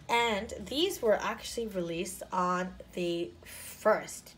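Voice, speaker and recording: A woman showing planner stickers in a casual haul, gushing and often dropping into soft half-whispers. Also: medium pitch, slow, hardly any pauses. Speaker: planner sticker shop owner and vlogger. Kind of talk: casual haul show-and-tell.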